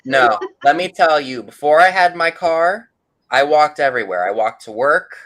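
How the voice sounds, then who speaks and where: A man's voice: a little high, lively intonation, moderate pace, a bit bright. A man chatting casually with friends on a live video call, telling stories in a blunt, wry way. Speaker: vintage dealer on a group live chat. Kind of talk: casual group chat.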